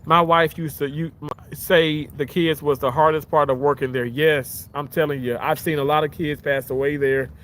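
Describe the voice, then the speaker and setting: A man casually chatting on a livestream outdoors by the water, reading out comments, rambling with many restarts and sudden jumps up in pitch when excited, on a phone held at arm's length. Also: normal speed, hardly any pauses, a little hiss or hum. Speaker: livestream host.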